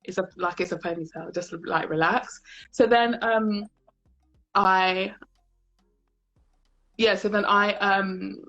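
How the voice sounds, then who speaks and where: A woman's voice: medium pitch, slow, long pauses, faint music behind. A young woman hosting a casual live-stream chat, telling stories and acting out the voices of her colleagues. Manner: animated storyteller, acts out quoted colleagues. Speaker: host. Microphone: phone or webcam on a live video call. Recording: muffled live-stream audio.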